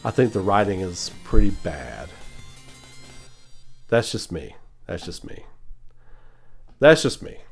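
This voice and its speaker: Animated male host, lowish voice, casual swearing rant over quiet guitar. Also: slow, vocal fry, long pauses. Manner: animated, swears freely, mimics mumbling voices. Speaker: channel host.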